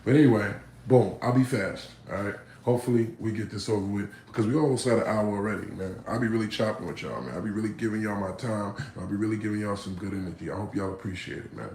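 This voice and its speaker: A man from Harlem, hosting a phone livestream from home and telling a story in an animated, profane way that swings from loud to hushed. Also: lowish voice, fast talker, few pauses, slight background noise. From Harlem, New York.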